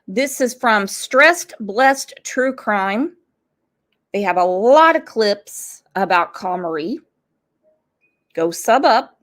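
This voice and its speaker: A woman's voice: mid-range voice, expressive, slow pace, a bit bright. A woman hosting a true crime livestream, angry and blunt, swearing freely as she comments. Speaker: true crime channel host.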